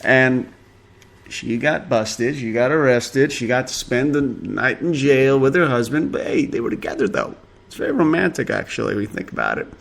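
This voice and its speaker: A man's voice: medium pitch, moderate pace, vocal fry. Male podcast host, casual gossip commentary, sarcastic, swears freely, chuckles a lot. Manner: sarcastic, profane, chuckling often.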